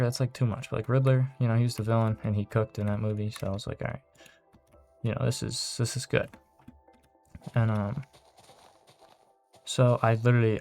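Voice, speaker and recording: Young man rambling through a shaken story, gravelly. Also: mid-range voice, darkish tone. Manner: rambling, swears a lot, trailing fillers. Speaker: vlogger. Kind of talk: casual storytelling.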